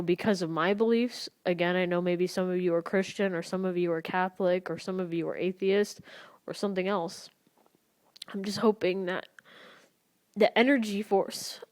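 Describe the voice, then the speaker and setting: A young woman speaking in a personal confessional vlog, halting and emotional, recorded close in a dry room. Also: fairly low pitch, a little mellow, no echo. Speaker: vlogger.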